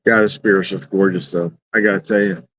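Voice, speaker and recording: A man's voice: low-pitched, steady tone, fairly quick, fairly bright tone. A middle-aged man reviewing beer in a casual rambling vlog, blunt and profane, chuckling often, talking outdoors in the evening. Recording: dull, slightly lo-fi and dry.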